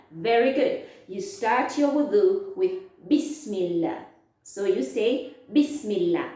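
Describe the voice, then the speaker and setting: A woman teaching a lesson to children, speaking slowly, asking questions and answering them herself. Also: fairly high pitch, mellow. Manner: slow, drawn-out, asks questions and answers them. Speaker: Islamic studies teacher. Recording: echoey, from far off.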